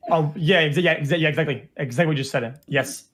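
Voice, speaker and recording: A man on a livestream debate panel, arguing casually with halting restarts. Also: a little high, fairly bright tone.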